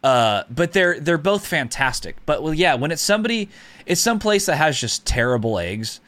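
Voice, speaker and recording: A man's voice: a little high, sing-song, normal speed, a bit bright, dry recording. Crude, joking podcast co-host man. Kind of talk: casual chat.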